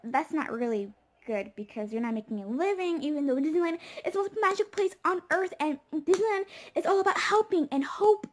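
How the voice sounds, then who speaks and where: A young woman vlogging casually, rambling and indignant, often stopping to correct herself. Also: sits high. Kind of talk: casual opinion vlog.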